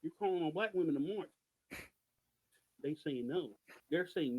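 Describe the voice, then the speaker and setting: Animated, high-voiced podcast co-host man. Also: normal speed, long pauses, muffled recording. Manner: animated, emphatic, rhetorical questions. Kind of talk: passionate political commentary.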